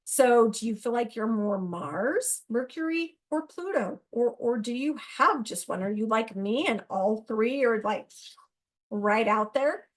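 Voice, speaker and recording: A woman hosting a solo astrology talk, speaking straight to her listeners in an excitable, animated way and laughing at herself. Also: on the high side, a little slow. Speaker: astrology podcast host.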